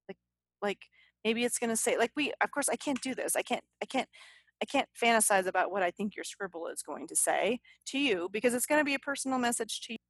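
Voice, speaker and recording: A podcast co-host speaks in a slightly high, expressive, quick voice with no echo. She chats casually and upbeat, full of fillers and restarts.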